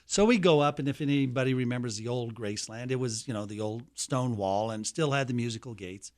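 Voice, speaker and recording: A man's voice: mid-range voice, brisk, darkish tone. A man in his seventies from Colorado, a guest in a casual interview, telling anecdotes at a leisurely pace with restarts.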